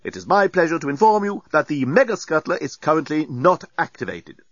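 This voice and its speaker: A man's voice: on the high side, big pitch swings, fairly quick, fairly bright tone, no echo, voice pushed up. A man reading a storybook aloud, voicing a male robot announcer that speaks with overly courteous formality, recorded dry and slightly dull. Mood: politely formal. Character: polite smug robot bomb announcer, male.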